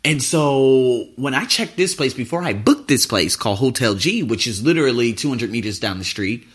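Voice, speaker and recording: A man's voice: mid-range voice, lively intonation, moderate pace. A man hosting a podcast, telling a travel story in a casual, profane, ranting way. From United States. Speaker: podcast host.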